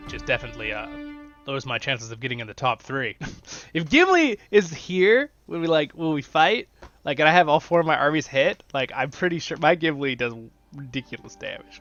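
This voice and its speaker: Male gaming host, mid-range gravelly voice, chatty and excitable commentary, dull lo-fi track with soft music behind. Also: medium pitch. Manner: chatty and excitable, talking to viewers. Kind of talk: casual gameplay commentary. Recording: dull lo-fi sound with faint music.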